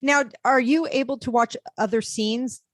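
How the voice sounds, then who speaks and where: A woman hosting an interview, asking curious questions and reacting with quick laughs. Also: fairly high pitch, fairly even intonation, no echo, clean studio sound. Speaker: podcast host, interviewer.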